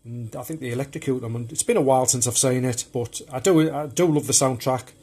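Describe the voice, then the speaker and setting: A fast-talking man with a mid-range, dark, husky voice gives a casual show-and-tell of his home video collection. His talk is chatty and rambling, loose rather than polished.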